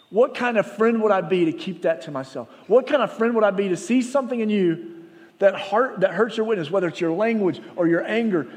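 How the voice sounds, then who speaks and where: Man, pastor, sermon, earnest and conversational, high-pitched, long hall echo. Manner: earnest, conversational storytelling with animated retold dialogue.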